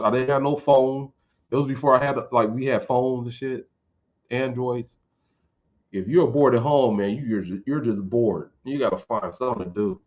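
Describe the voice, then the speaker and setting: A man's voice: medium pitch, moderate pace, a little mellow, lo-fi sound. A man vlogging casual fight commentary in a rambling, informal way with some swearing.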